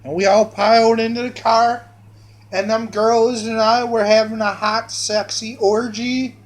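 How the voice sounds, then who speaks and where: A man's voice: high-pitched, flat delivery, unhurried. A man telling a long rambling story in a monologue, often restarting and repeating his phrases.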